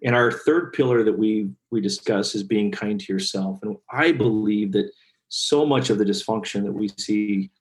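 Man, middle-aged, lowish voice, earnest, heartfelt storyteller, podcast guest. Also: normal speed. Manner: earnest, animated storyteller, gets choked up. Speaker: guest, kindness speaker and author.

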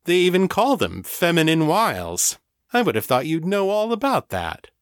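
A man voicing a playful, smooth-talking male psychologist in an audiobook. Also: fairly high pitch, wildly swooping pitch, moderate pace, no echo, studio quality, voice pushed up.

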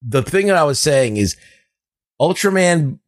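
A man's voice: a little high, lively intonation, a little slow, dry recording, clean studio sound. Rambling, cursing man on a podcast. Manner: rambling, profane, lots of fillers. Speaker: podcast co-host. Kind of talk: casual review chat.

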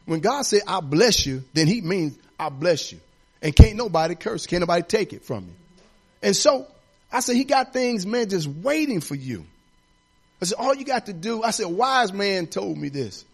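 A middle-aged man preaching a sermon, his husky voice riding a high, animated line. He climbs into ringing declarations, then falls back to a low, confiding storytelling tone. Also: normal speed. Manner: preaching with rising declarations and dropping to quiet storytelling. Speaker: assistant pastor.

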